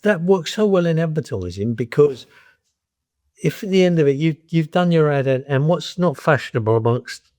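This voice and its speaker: A man's voice: on the high side, expressive, moderate pace, a little mellow. An older man, a veteran of advertising, talking bluntly and plainly as a guest in a podcast interview. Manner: blunt, plain-spoken, repeats words when starting.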